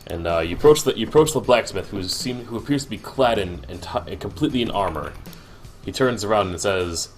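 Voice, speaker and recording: A man's voice: lowish voice, lively intonation, a little fast, soft background music. A man narrating a tabletop game as game master, often stopping and repeating his words.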